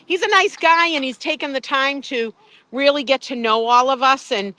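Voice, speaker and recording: A woman's voice: high-pitched, moderate pace, sharp tone, no echo. A woman live streaming by phone outside a courthouse, chatty, greeting viewers by name and swearing casually. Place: outdoors at a courthouse.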